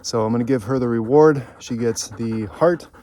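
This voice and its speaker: A middle-aged man hosting an outdoor vlog, talking in a relaxed, upbeat, chatty way. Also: mid-range voice, moderate pace, a little hiss or hum. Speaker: host of a foraging and hunting channel. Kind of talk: casual outdoor vlog narration.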